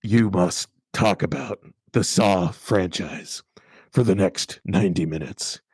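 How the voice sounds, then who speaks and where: A man voicing a menacing puppet-master killer, speaking in slow, measured threats as a podcast comedy bit. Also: low voice, darkish tone, husky, dry recording, heavily acted.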